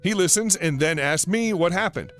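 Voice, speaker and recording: Man, fairly high voice, story narrator, steady read, soft music underneath. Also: normal speed. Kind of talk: reading online stories aloud.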